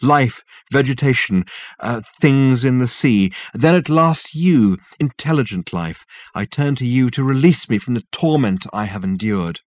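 A man's voice: mid-range voice, animated, measured pace, no room sound. A man voicing a tormented, ancient male alien ghost who speaks abjectly and begs for release. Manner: abject, pleading, mournful.

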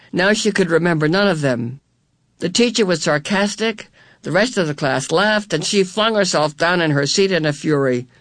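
Measured audiobook narrator. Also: mid-range voice, dry recording, studio quality. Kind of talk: scripted narration.

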